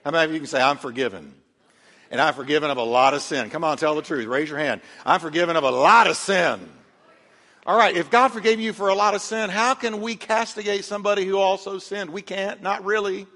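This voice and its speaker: Man preaching, bright forceful tone, emphatic call-and-response, echoing hall. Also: sits high, fairly quick. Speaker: pastor. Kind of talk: sermon.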